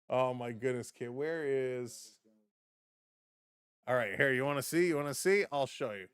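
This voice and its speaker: A man's voice: medium pitch, slow, long pauses, a bit bright, clean tone, no echo. A man hosting a live sports stream, chatting casually with viewers, reading chat aloud and laughing often.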